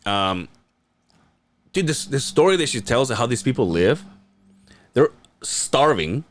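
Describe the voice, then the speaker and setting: A man's voice: medium pitch, unhurried. A man in his late thirties co-hosting a podcast, telling stories in a casual, swearing way. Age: 30s. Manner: animated, swearing, laughing storyteller. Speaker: podcast co-host. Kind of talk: casual chat.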